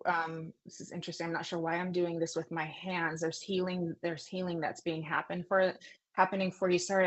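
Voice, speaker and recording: A woman giving a psychic reading, talking in a gentle, consoling way, rambling and apologising with many fillers and restarts. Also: fairly low pitch. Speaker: psychic medium. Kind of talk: live online psychic reading.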